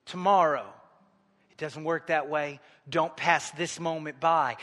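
Male pastor, sermon delivery, hushed then forceful, long reverb. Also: fairly high pitch, takes it slowly. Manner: swings from hushed appeals to loud exhortation. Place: large church sanctuary.

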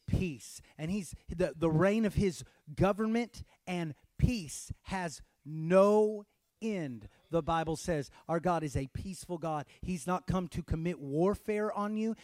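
A pastor preaches a sermon in church in a high-pitched voice, urging the congregation to shout. He swings between hushed lines and loud ones, and there's no room sound.

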